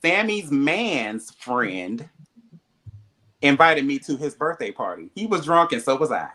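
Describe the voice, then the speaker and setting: A man's voice: mid-range voice, sing-song, measured pace, pushed and bright. A man animatedly telling a story, acting out quoted dialogue, with frequent swearing. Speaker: reality show cast member.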